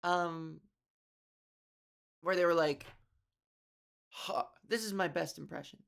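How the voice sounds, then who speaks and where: Gravelly-voiced woman comedian rambling. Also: fairly low pitch, measured pace. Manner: rambling, profane, with frequent restarts and asides. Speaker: comedian and podcast host. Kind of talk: casual comedic monologue.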